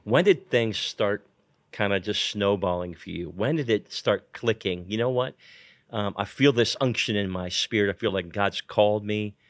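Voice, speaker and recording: Low-voiced male interviewer, dry sound. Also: moderate pace, no room sound. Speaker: interviewer, host. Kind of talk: conversational interview questions.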